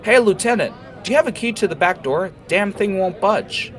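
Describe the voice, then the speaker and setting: A man's voice: high voice, sing-song, a little fast, a bit bright, voice pushed up. A man voicing a drunk male partygoer complaining about a stuck door. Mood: griping.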